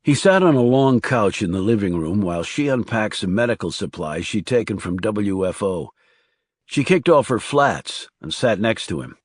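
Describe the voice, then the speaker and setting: A man narrating a crime thriller audiobook in a measured, calm, understated reading. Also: lowish voice, dry recording, studio quality. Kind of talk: scripted narration.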